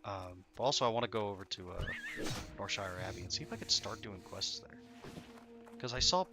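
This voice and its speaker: A man's voice: fairly low pitch, brisk. A sleepy man streaming a game, chatting casually and rambling, laughing at himself and swearing freely. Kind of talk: casual live-stream commentary. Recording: game music playing underneath. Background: game music.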